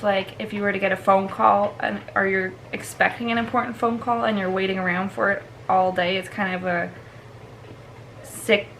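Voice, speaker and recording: Brief: casual woman vlogger, mid pitch, chatty, faint background hiss. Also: fairly bright tone, low-quality recording. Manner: chatty, laughs often, filler-heavy. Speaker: dog trainer. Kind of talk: casual instructional vlog.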